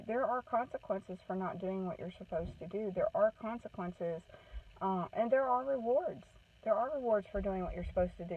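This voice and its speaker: Woman, parenting advocate, casual earnest advice, checks in with listeners, distant tinny sound. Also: medium pitch. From Maine. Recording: tinny phone-like sound from off the mic.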